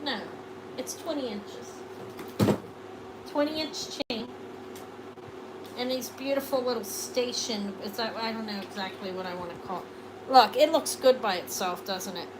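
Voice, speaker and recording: A woman's voice: on the high side, measured pace, pauses often, background noise. Chatty woman selling jewelry live. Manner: chatty, rambling, trails off and restarts. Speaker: online jewelry seller. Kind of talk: live sale chat.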